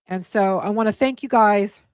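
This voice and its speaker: A tired, hoarse woman hosting a casual livestream, thanking her viewers and getting emotional, and stumbling over names. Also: mid-range voice, normal speed, dry recording, clean studio sound. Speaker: livestream host.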